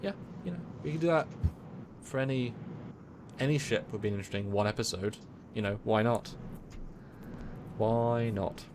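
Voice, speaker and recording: A man co-hosting a casual livestream chat, rambling with many restarts and quick asides. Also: mid-range voice, background noise. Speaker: co-host.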